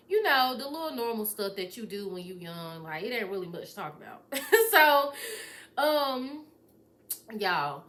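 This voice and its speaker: A young woman vlogger telling a story in casual chat, animated and swearing freely, acting out what people said. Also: on the high side.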